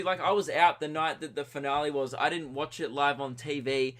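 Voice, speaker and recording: A young man in his early twenties with an Australian accent, telling a comic story on his own podcast in a rambling, self-mocking, excitable way. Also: a little high, brisk. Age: early 20s. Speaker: podcast host.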